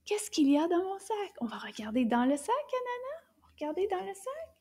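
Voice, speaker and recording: Squealy childlike puppet friend, eager and sing-song, very high , a woman puts it on. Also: big pitch swings, fast talker, mellow. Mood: excited.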